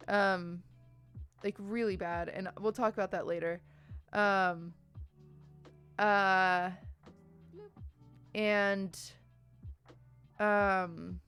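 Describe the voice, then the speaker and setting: A woman's voice: mid-range voice, fairly bright tone, smooth. A woman live streamer chatting casually to her viewers. She is overwhelmed and teary, sighing and laughing as she thanks them. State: teary and shaky from crying.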